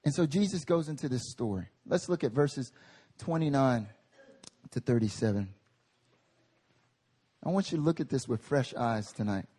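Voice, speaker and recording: A man preaching a sermon at a prayer meeting, animated and conversational, with humorous tangents. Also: mid-range voice, moderate pace, pauses often, breathy edge. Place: meeting hall.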